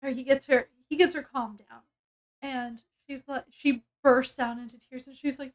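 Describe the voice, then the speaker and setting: A woman's voice: high voice, steady tone, normal speed. A woman reviewing a book, casually retelling its plot in a rambling way with many fillers and restarts.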